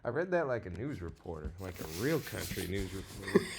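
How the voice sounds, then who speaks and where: A man's voice: low-pitched, big pitch swings, moderate pace, vocal fry, noisy background. A man co-hosting a casual podcast, joking around and teasing his co-host, and sometimes reading a passage aloud. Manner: jokey, teases his co-host.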